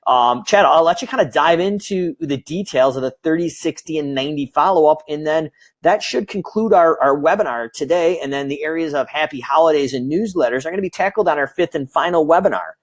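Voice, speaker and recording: A man with a slightly high voice hosts a business webinar in a casual, easygoing way. The sound is dry and close, with little room around it. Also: fairly quick, no echo. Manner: casual, hands off to the co-presenter. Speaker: webinar host. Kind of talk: webinar hosting.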